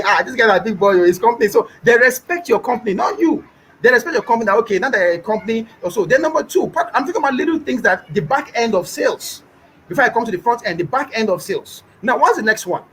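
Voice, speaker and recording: Animated Nigerian man, higher voice. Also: a little hiss or hum, low-quality recording. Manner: emphatic, repeats points, mimics callers. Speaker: business owner guest. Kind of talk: animated interview talk.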